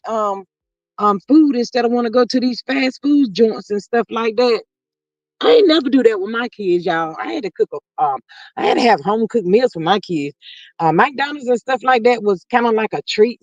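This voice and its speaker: A woman's voice: on the high side, a little mellow, no echo, lo-fi sound. A middle-aged grandmother hosting a casual livestream, reading viewers' comments aloud and chatting in a homespun, talkative way. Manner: chatty and homespun, reads comments aloud, says "Lord have mercy" often.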